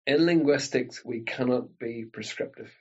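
A man from Northern Ireland with an Ulster Scots accent, chatting casually and telling animated stories. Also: mid-range voice, normal speed, breathy edge, highs cut off. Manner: animated storyteller, breaks into local voices. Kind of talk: casual chat.

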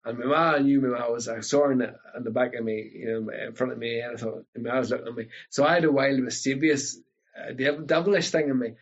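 A man from Northern Ireland with an Ulster Scots accent, chatting casually and telling animated stories. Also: medium pitch, fast talker, breathy edge, dull audio. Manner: animated storyteller, breaks into local voices. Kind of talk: casual chat.

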